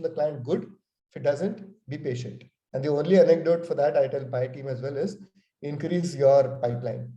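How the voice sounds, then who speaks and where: A man's voice: fairly high pitch, mellow, lo-fi sound. Man teaching a sales workshop, echoey. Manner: conversational, frequent "okay" and "you know". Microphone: video call. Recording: echoey room.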